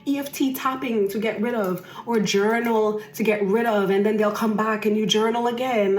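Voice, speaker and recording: A woman's voice: mid-range voice, echoey room. A woman hosting a podcast, telling a personal story emphatically and repeating phrases for effect. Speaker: podcast host.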